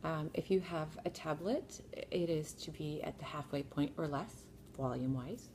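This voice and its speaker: A woman's voice: low-pitched, moderate pace, darkish tone, slight background noise. A mother casually telling a family story from her kitchen bar, wry and laughing at herself. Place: sitting at a home kitchen bar.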